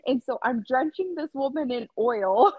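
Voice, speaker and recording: A young woman telling a work story on a podcast, animated, laughing and acting out quotes with lots of fillers. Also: high-pitched, unhurried, slightly rough, no room sound. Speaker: podcast co-host. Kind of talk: casual storytelling chat. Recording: slightly dull dry sound.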